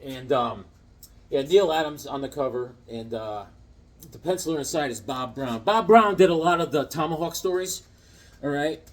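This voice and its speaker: A middle-aged man with a higher, animated voice moves at a moderate pace through his casual comic collecting vlog, telling a childhood story between comics with frequent fillers and restarts.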